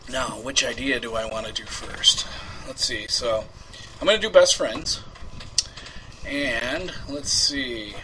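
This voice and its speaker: A man's voice: medium pitch, slow, pushed and bright, slight background noise, low-quality recording. A man hosting a homemade prank call show, chatting casually, rambling and laughing as he reads out his ads. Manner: rambling, laughs often, trails off into mumbling. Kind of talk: casual live show chat.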